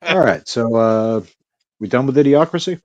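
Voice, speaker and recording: A man's voice: medium pitch, animated, moderate pace, no room sound, lo-fi sound. A man co-hosting a podcast in casual chat, wry and joking, laughing often. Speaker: podcast co-host.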